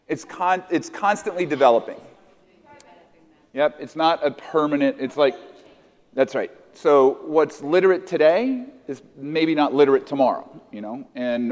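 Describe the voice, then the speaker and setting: An American man leads a workshop for teachers, chatting with the room and echoing their answers back in easy, halting sentences. His voice sits at an ordinary middle pitch. A long reverb from the large conference hall trails after his words. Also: a little mellow. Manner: conversational, echoes audience answers, many restarts. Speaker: conference presenter. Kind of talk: interactive workshop talk with teachers.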